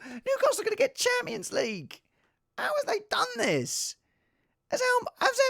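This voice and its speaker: Excitable man with a lively, springy voice. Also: no echo, clean studio sound. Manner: excitable, jokey, jumps to high exclamations. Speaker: fantasy football podcast host. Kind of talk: casual solo score predictions.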